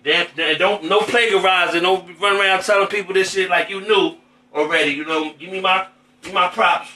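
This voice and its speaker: Bright-voiced man hosting a cooking show. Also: high-pitched, steady tone, brisk, roomy sound, rough recording. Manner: chatty, slangy, keeps asking "you know what I'm saying". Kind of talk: casual cooking demo chat. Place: home kitchen with food frying.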